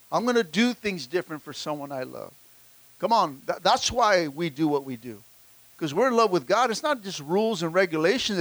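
Fervent high-voiced preaching man. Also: a bit bright, dry recording. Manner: fervent preaching with call-and-response; repeats words in rapid restarts. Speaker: pastor. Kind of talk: sermon.

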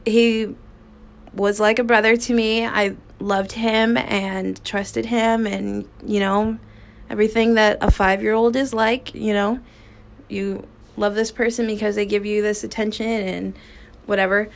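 A podcast host tells a personal story frankly and informally, dropping curse words freely and pausing to begin sentences again. Her voice is mid-range and creaky, with little movement in pitch.

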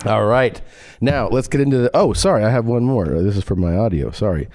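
A man's voice: fairly low pitch, animated, a little fast, a little mellow, no echo. A man co-hosting a comedy podcast, reading sponsor ads in a jokey, offhand, rambling way. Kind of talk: casual ad read.

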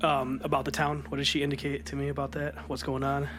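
A man's voice: mid-range voice, completely flat delivery, fast, fairly bright tone. A man playing a tabletop game, talking in a rambling, joking way with many fillers. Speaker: player. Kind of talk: casual tabletop game play.

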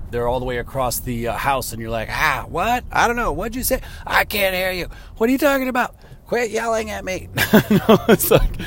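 A man in his thirties talking through his thoughts in a casual, rambling monologue while driving, full of fillers. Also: lowish voice. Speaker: vlogger. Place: in a car. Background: vehicle road noise.

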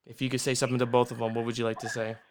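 Flat-voiced chatty male radio host. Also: medium pitch, rapid-fire. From Michigan. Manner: chatty, upbeat, loose plugs. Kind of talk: casual radio interview.

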